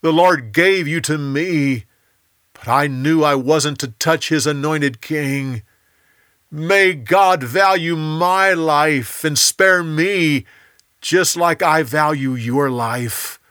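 A man's voice: a little high, slow pace, a bit bright, dry recording, studio quality, pitched above the performer's own voice. A man voicing earnest young warrior David. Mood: pleading. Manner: earnest and firm. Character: young warrior David, a loyal future king.

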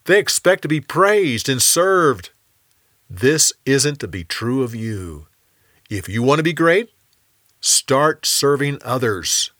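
A man's voice: mid-range voice, a bit bright, dry recording, studio quality. Jesus, as a male narrator voices him. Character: Jesus, a calm adult male teacher.

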